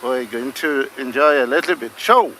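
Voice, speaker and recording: A man speaking outdoors as a safari field guide, giving slow live commentary in simple phrases. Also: mid-range voice, sharp tone, a little hiss or hum, rough recording.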